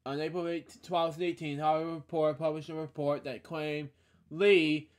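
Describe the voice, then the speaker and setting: Halting, breathless young male podcaster. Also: fairly high pitch, little pitch movement. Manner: halting reading with many fillers and restarts. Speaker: podcast host. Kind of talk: reading a tribute aloud.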